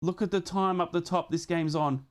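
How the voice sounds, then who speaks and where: An Australian man hosts a live football watchalong, calling the match with loud fan excitement and thanking his viewers in slangy terms. His voice is a little high and his pace moderate, mixing live fan commentary with a stream sign-off.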